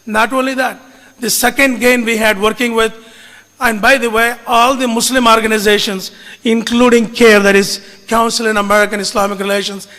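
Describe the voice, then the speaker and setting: A man tells a story to an audience, slow and earnest. His voice sits high and bright for a man. It rings with a long reverb, as in a hall. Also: level tone. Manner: earnest, deliberate, mixes in Hindi phrases. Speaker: speaker recounting his media engagement.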